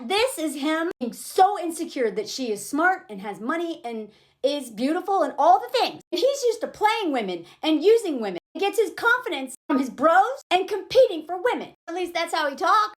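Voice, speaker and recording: Emphatic high lively woman. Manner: emphatic, indignant, acts out quoted dialogue. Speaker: commentator reacting to a film scene. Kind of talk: casual commentary vlog.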